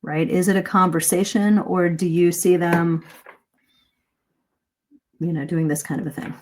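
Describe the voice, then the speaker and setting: A woman teaching English speaking in a live online lesson, lively and demonstrative, asking her listeners questions. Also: fairly low pitch, measured pace, pauses often, a little hiss or hum.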